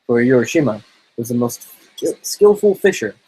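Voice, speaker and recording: Husky man reading fairy tales aloud. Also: mid-range voice, moderate pace, low-quality recording. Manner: relaxed, stumbles and jokes between lines. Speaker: storybook reader.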